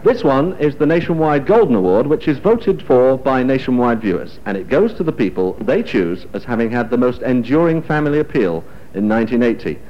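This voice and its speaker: A man's voice: mid-range voice, very animated, fairly quick, hardly any pauses. Jokey man hosting an awards show. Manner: jokey, chatty banter with guests. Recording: lo-fi broadcast sound.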